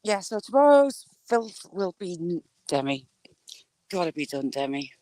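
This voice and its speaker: A woman's voice: lowish voice, very animated, normal speed, mellow, slight background noise, rough recording. A woman, chatting casually to viewers while she walks, greeting them by name. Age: adult with a school-age child. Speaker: live-streaming vlogger.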